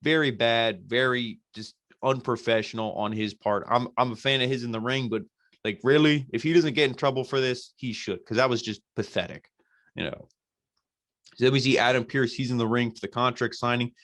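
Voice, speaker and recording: A man's voice: mid-range voice, fairly even intonation, a little fast, fairly bright tone, no room sound. A man hosting a podcast, recapping a show casually in a blunt, profane, exasperated way. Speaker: podcast host reviewing wrestling.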